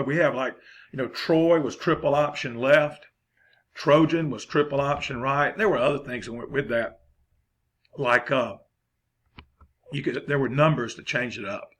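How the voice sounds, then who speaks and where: A man's voice: mid-range voice, fairly bright tone. A man, giving a folksy, rambling football coaching lesson.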